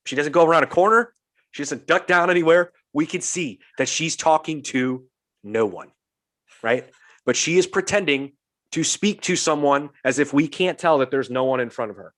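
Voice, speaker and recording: A man's voice: fairly high pitch, a bit bright. A young adult man, a podcast host, telling a story in casual chat, acting out the quotes and swearing freely.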